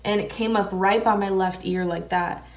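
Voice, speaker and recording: A woman's voice: mid-range voice, fairly even intonation, moderate pace, distant mic. Swearing woman telling a tale, echoey. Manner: casual, heavy swearing, many fillers. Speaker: makeup vlogger. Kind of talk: casual storytelling while doing makeup. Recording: echoey room, voice away from mic.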